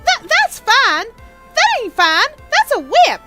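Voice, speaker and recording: Woman doing a loud Southern gal photographer, high twangy drawl, game voice. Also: wildly swooping pitch, slow, over loud music, exaggerated voice. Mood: indignant. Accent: put-on American Southern. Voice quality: twangy, exclaiming.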